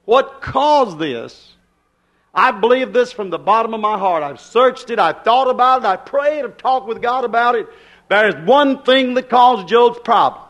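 High-voiced male preacher, emphatic, hollers his questions. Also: animated, unhurried, fairly bright tone. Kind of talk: sermon.

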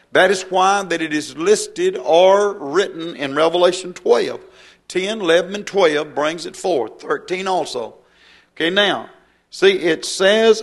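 A male preacher delivering a sermon, slow and emphatic, drawing out repeated phrases. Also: high-pitched.

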